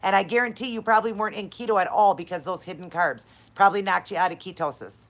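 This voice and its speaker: A woman's voice: mid-range voice, fast talker. A woman hosting a live-stream Q&A, talking straight to her viewers in an effusive, encouraging and heartfelt way. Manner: talks straight to viewers, calling them "you guys" and "honey". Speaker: channel host answering live viewer questions.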